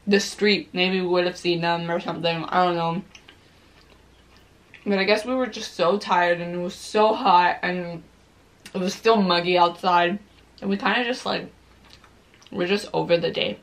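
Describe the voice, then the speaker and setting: A young woman vlogger telling a story casually while eating, chatty and full of "like"s, swearing freely. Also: lowish voice.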